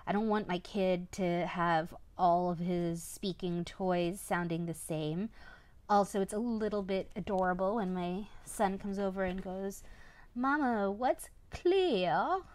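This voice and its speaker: Unhurried mother reviewing a toy. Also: on the low side, fairly even intonation, darkish tone, no room sound. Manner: chatty, often adds a questioning "right?". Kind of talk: casual product review.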